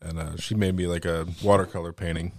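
A man's voice: low-pitched, level tone, fast, a little mellow, no echo, clean studio sound. A man in a casual podcast chat, telling anecdotes with lots of swearing. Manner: profane, laid-back storyteller. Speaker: podcast guest.

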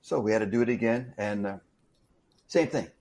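A man telling a story in casual conversation, animated and full of restarts. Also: fairly low pitch, moderate pace. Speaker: interview guest, stuntman.

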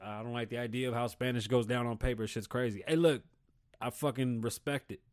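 A man's voice: medium pitch, fairly even intonation, fairly quick. A man in his thirties from Puerto Rico, hosting a podcast with a blunt, heated, swear-heavy rant. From Puerto Rican. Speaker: podcast host. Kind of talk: casual profane rant.

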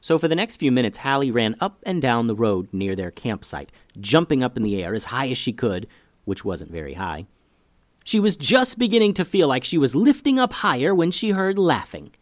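A man reading a children's story aloud, with lively, expressive storytelling. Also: medium pitch, normal speed, no room sound, clean studio sound.

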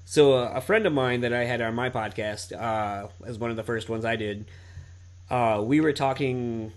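A man's voice: medium pitch, moderate pace. A man in his thirties hosting a podcast, chatting casually, swearing freely and peppering his talk with "like" and "you know.". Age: 30s. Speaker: podcast host.

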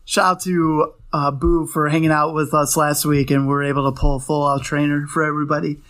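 A man's voice: on the high side, flat delivery, fairly quick, a bit bright. A young adult man co-hosting a casual podcast, talking in a rambling, playful way and correcting himself often. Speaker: podcast co-host. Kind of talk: casual chat about trading cards.

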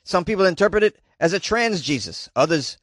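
A man voicing an elderly male church spokesman, in a slow, deliberate put-on old man's voice. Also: high-pitched, animated, a bit bright, no room sound, clean studio sound, voice pushed up. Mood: explaining.

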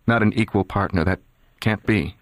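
An actor playing a guarded, controlled young man who talks in a quiet, measured, detached way. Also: on the low side, no echo, clean studio sound, close to an everyday voice. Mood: cold, serious. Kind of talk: dramatized audiobook reading.

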